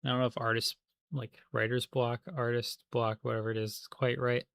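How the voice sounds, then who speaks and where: A man's voice: mid-range voice, level tone, fairly quick, vocal fry, a bit bright, clear, resonant tone, no room sound. A man chatting casually on a livestream while he plays a game, rambling with many fillers and restarts.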